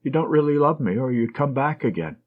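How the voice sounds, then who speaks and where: A man reading an audiobook, voicing a wounded young American soldier in love with plain, earnest, short replies in a husky voice, on a dull lo-fi recording. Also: mid-range voice, lively intonation, brisk, lightly acted.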